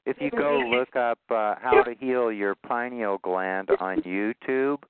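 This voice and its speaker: A man's voice: medium pitch, takes it slowly, heavy background noise. A man in his sixties hosting a conference-call talk show, earnest and rambling. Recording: tinny phone line.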